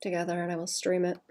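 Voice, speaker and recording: A woman streaming herself drawing, chatting casually in a rambling way that trails off and drops to a quiet murmur. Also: fairly low pitch. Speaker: art streamer. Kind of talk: casual live-stream chat while drawing.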